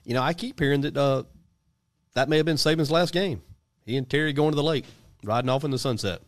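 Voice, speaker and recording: A man's voice: medium pitch, quick pace, no echo. A man co-hosting a radio show, trading dry, wry quips in casual sports chat.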